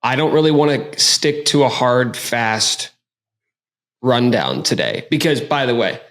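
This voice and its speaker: A man hosting a casual sports podcast, talking in an energetic, joking way. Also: mid-range voice, a little slow. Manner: energetic, hyped, jokey. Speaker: podcast host.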